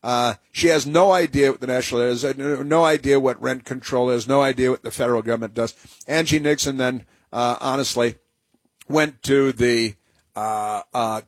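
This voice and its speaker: A man's voice: medium pitch, no room sound. A male talk radio host speaking in a rambling, sarcastic monologue full of fillers and restarts.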